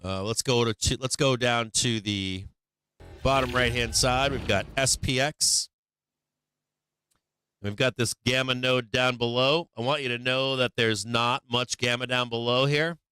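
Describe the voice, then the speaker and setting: A man's voice: mid-range voice, steady tone, a little slow, sharp tone, slight background noise. A man hosting a stock market live stream, talking through charts live with blunt, swearing remarks and many restarts, a bit worn in the voice as he loses it. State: losing his voice.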